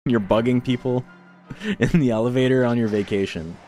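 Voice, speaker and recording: A man's voice: mid-range voice, measured pace, a little mellow, soft background music. A man from Toronto, hosting a game tournament stream and chatting casually between matches. He rambles from one story to the next, swears freely and laughs between anecdotes. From Toronto, Canada.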